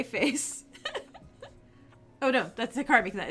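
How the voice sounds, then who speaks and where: High-voiced, giggly woman streamer. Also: normal speed, faint music behind. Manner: giggly, animated reactions. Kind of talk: casual let's-play commentary.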